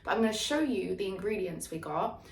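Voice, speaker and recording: A young woman chatting casually to her phone camera for a vlog, lively and a little rambling, using casual slang. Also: medium pitch, fairly quick, recorded from a distance. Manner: chatty, excitable, says "proper" and "bear with". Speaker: vlogger. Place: outdoors by the sea, then an apartment kitchen. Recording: echoey with loud background noise.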